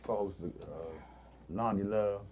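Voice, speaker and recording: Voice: deep voice, fairly even intonation, takes it slowly, very noisy. A show host making laid-back interjections and introducing a co-host. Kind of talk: radio show hosting.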